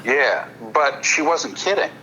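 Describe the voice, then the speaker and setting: A man with a very bright, sharp-edged voice tells a story as a podcast guest. He stumbles and doubles back on his words as he goes, and a faint noise sits under the recording. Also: fairly high pitch, lively intonation, low-quality recording. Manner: halting, repeats words while building a story; apologetic, checks in with listeners. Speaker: podcast guest, hypnotist comedian. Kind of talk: casual anecdote-telling on a podcast.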